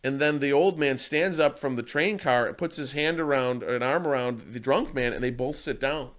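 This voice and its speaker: A man's voice: mid-range voice, normal speed, a bit bright. Earnest, rambling man in an interview. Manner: earnest, rambling storyteller with many restarts. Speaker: martial arts coach. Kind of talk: casual interview talk.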